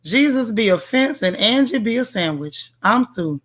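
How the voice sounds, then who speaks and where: A slightly high-pitched woman talks with lively intonation at a moderate pace. On her casual livestream she reviews a TV show with playful sass, reading viewer comments and speaking straight to the audience.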